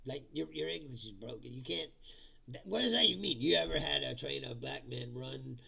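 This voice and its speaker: A man's voice: medium pitch, expressive, brisk, creaky, pushed and bright, slightly rough. A man hosting a live comedy stream on politics, reading chat and mocking commenters with profane jokes and frequent laughter. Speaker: host. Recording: dull lo-fi sound.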